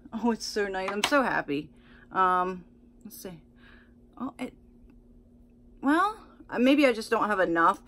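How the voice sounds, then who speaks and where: A woman beauty vlogger chatting casually through an unboxing, excitable and full of fillers and restarts. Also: medium pitch.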